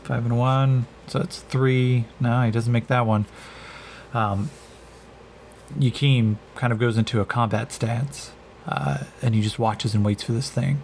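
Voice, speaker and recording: A man narrating a solo tabletop game as game master, in an unhurried, hesitant way with many pauses. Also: medium pitch, fairly even intonation, vocal fry, a little mellow, slight background noise.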